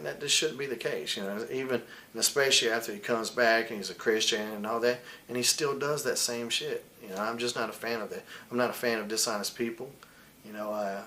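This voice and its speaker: A man's voice: mid-range voice, a bit bright. A man in his forties telling candid stories in an interview, blunt and heated, swearing often. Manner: blunt, heated, profane, quotes others in put-on voices. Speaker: wrestler interviewed as guest.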